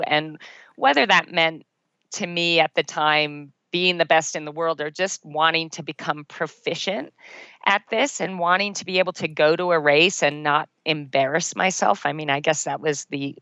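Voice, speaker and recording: A middle-aged woman with a low, smooth, resonant voice tells an earnest story from her own life as a podcast guest. She laughs at herself along the way. The recording is dry and a little dull, with a lo-fi edge. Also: bright, forceful tone, dry recording. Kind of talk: personal storytelling in an interview.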